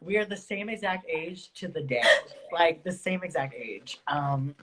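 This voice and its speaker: A man's voice: on the high side, animated, moderate pace, very noisy. A man chatting on a phone video call as a guest drag performer, gushing and effusive. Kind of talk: casual live-stream chat.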